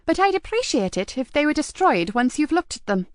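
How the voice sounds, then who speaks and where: Narradora haciendo de esposa educada y remilgada, voz alta y viva, audiolibro, sonido seco. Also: female voice, sits high, sing-song, a little fast, no room sound, studio quality, pitched above the performer's own voice. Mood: prim. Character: middle-aged woman, polite, protective wife.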